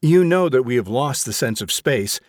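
A man reading an audiobook, voicing an earnest, quietly rebellious young man in a low, grave, measured way. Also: animated, no room sound, studio quality, natural voice. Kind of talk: audiobook character voice.

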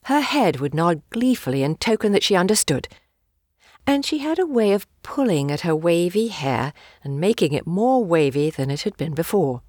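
A woman with a low, deep voice reads a novel aloud in a measured, unhurried storytelling manner. She gives the dialogue a light touch of acting while keeping the narration even. The recording is dry and close, with no room sound. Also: no room sound. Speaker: audiobook narrator.

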